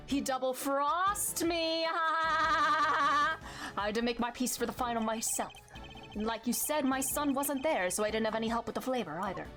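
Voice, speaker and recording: A woman's voice: fairly high pitch, close to an everyday voice. A woman voicing a smug older chef culprit. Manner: gloating, then bitter and defensive. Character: scheming older male dessert chef, smug. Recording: game music behind the voice.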